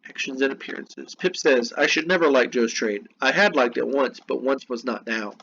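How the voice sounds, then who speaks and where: A man's voice: medium pitch, normal speed, gravelly, fairly bright tone. A man reading lesson notes aloud and explaining them with casual, chatty asides. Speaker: teacher. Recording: dull lo-fi recording with faint noise.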